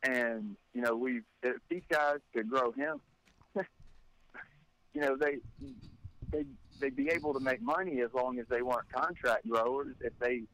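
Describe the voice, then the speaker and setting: A man's voice: mid-range voice, a little slow, pauses often, a bit bright, no room sound, poor audio. A man from North Carolina talks in a casual podcast conversation and often trips over and repeats his words while he thinks. His voice sits in an average register, and he sounds close and dry, with no room around him.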